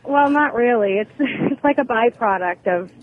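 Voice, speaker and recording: A woman's voice: a little high, animated, moderate pace. A woman calling in to a radio show and explaining things in a friendly way. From Boston area. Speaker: caller. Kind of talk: phone-in explanation. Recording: tinny phone line with faint hiss.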